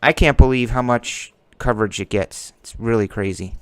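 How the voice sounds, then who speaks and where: Smooth, dry-voiced man chatting casually. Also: mid-range voice, normal speed, a bit bright, no room sound. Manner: chatty and joking, calls out player names as cards come up. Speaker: host of a card-breaking stream. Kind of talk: casual running commentary while opening card packs.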